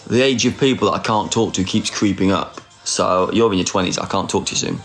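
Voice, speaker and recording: A man's voice: low-pitched, fairly quick, a bit bright, soft background music. A man in his forties hosting a casual phone livestream, teasing, flirty and sarcastic, and often mocking himself. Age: 40s. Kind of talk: casual live chat.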